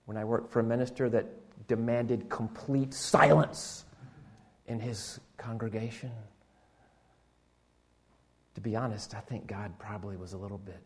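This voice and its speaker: A man preaching a sermon in a church, often restarting and repeating words, who swings between loud animated stretches and hushed near-quiet lines. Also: lowish voice, a little hiss or hum. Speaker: pastor.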